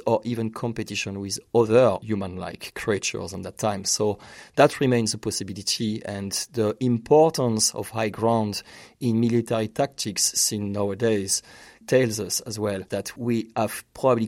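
A man's voice: lowish voice, dry recording, clean studio sound. A male researcher giving explanatory interview answers in an earnest way, often restarting and searching for phrasing. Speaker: researcher guest.

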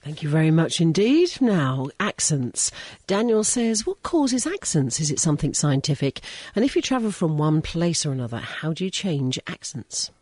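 A woman co-hosting a radio show, reading out listener questions in a lively, playful way. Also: sits low, normal speed, few pauses, slightly rough, no room sound, clean studio sound. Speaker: radio co-host.

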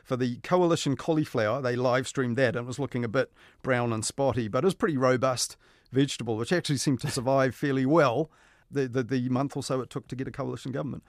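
A man chatting on radio about the media, wry and amused, often trailing off softly. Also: mid-range voice, fast, dry recording, clean studio sound. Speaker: media commentator. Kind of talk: casual radio chat.

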